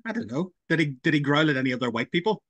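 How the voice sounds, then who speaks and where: Lively Northern Irish man teasing. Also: fairly high pitch, very fast, no echo. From Northern Ireland. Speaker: podcast co-host. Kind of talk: casual chat.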